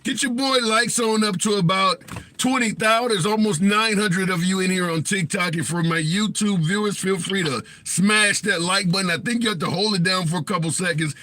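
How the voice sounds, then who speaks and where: A man's voice: sits high, normal speed, bright, forceful tone. A man hosting a political livestream, reading viewer comments aloud and taking callers in a chatty way. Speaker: livestream host.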